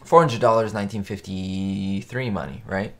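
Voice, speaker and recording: A man's voice: on the low side, fairly even intonation, normal speed, a bit bright. A young man hosting a casual live stream, answering viewer questions with chatty enthusiasm. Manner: chatty, enthusiastic, quotes show lines in put-on voices. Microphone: webcam or desk mic.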